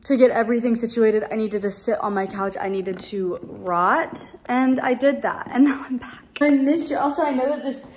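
A woman's voice: on the high side, normal speed, few pauses, slight background noise. Chatty young woman vlogging in a roomy apartment. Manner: chatty, rambling, lots of "like". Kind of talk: casual vlog chat. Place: her apartment. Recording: roomy echo.

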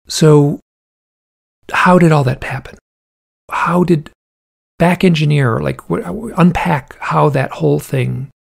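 Gravelly husky-voiced man telling a story. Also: mid-range voice. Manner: animated storyteller, acts out quoted people in a raised voice. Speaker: podcast guest. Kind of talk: storytelling in casual conversation.

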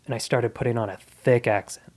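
A man's voice: mid-range voice, fairly even intonation, brisk, darkish tone. A man in his thirties, a comedian guest on a podcast, telling his life story in a casual, earnest and reflective way.

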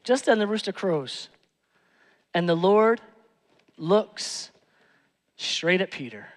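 A male pastor preaching a sermon, moving between hushed, tender lines and loud, emphatic ones. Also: high-pitched, animated, slow, in a large hall. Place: church sanctuary.

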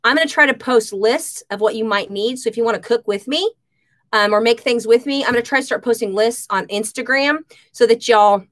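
A woman hosting a casual live stream from her home kitchen, chatting and shouting out viewers by name. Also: a little high, brisk.

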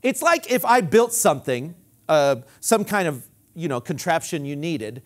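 Animated, high-pitched preaching man. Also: unhurried. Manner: animated preaching, swinging from loud emphatic declarations to low quiet asides; leads the congregation in call-and-response. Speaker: pastor. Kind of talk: sermon.

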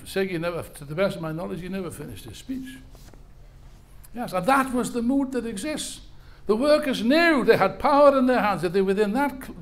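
An older man delivers a fiery political speech at a rally. His voice sits high for a man, and he drives his points home by repeating key words with force. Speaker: rally speaker.

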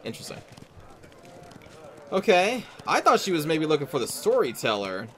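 A man's voice: fairly high pitch, huge pitch swings, moderate pace. A man giving casual let's play commentary, musing aloud and reading game text. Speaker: game streamer.

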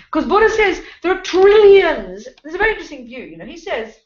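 A woman's voice: very high-pitched, sing-song, fast talker. An Australian woman gives a Buddhist teaching talk to a class in a blunt, emphatic way, calling her listeners honey and sweetheart. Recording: roomy, dull lecture-room recording.

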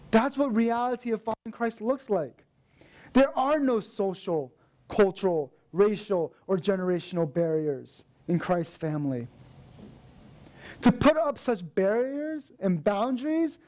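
Young male minister, high voice, storytelling sermon with animated quotes. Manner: storytelling with lively acted quotes. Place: church.

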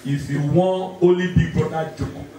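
This Nigerian comedian's high male voice has fairly even intonation as he delivers rapid, Pidgin-laced banter and laughs frequently. It's live stand-up before an audience in a large indoor venue, recorded from a distance in an echoey hall with a loud crowd.

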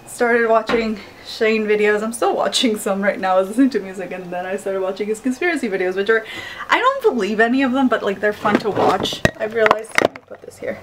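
A woman's voice: fairly high pitch, a little hiss or hum. A young woman talking casually at home as a book vlogger, rambling with lots of "like" fillers. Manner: rambling, filler-heavy "like" talk. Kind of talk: casual vlog chat.

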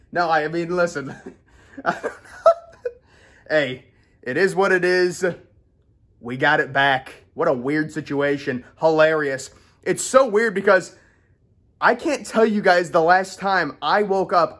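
Brief: man, fairly high voice, rambling home vlogger, swears offhand, sweaty and self-mocking. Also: a bit bright. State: sweating from the heat. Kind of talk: casual vlog talk to camera. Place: his home office, indoors.

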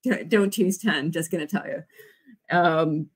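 A woman's voice: deep voice, measured pace, breathy edge. A woman in her forties, an author hosting a writing sprint livestream in a casual, bubbly way, often cheering her viewers on with whoops. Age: 40s.

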